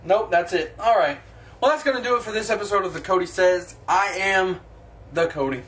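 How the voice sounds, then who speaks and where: A man's voice: high-pitched, a little fast, a bit bright. A young man hosting his own sports opinion vlog, talking in a blunt, profane, ranting way. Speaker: sports vlogger.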